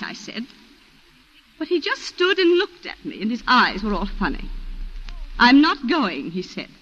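An actress playing a refined colonial wife who tearfully recounts a shooting, in a 1940s radio drama style. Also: female voice, high-pitched, sharp tone, heavily acted. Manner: breathless, emotional, refined. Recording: muffled old radio recording.

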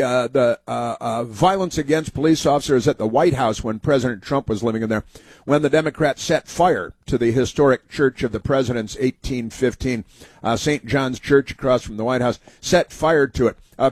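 Heard through a studio microphone with no room sound, this male talk radio host has a mid-range, slightly mellow and husky voice. He wanders through long political monologues, filling them with "uh" and sarcastic remarks.

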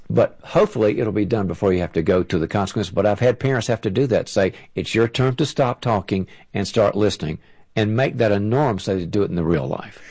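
A man's voice: lowish voice, quick pace, warm tone, dry recording. A man, a parenting author, giving direct and practical advice on a talk show and acting out what a parent would say. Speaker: parenting author and guest expert.

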